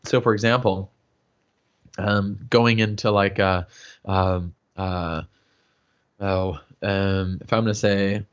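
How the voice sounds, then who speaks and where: A man's voice: low-pitched, little pitch movement, takes it slowly, pauses often, clean tone. A man teaching singing in a casual livestream, explaining with lots of fillers and checking in with "yeah?" and "right?". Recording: dull lo-fi livestream audio.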